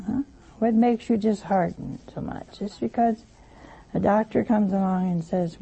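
A woman's voice: mid-range voice, a little slow, creaky, mellow, slightly rough, highs cut off. An older woman giving a folksy sermon, teasing her listeners with questions and anecdotes. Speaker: preacher.

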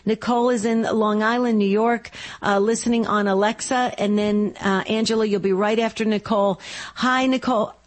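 A woman's voice: on the high side, fairly even intonation, normal speed. A woman hosting a call-in radio show, affirming and encouraging her callers.

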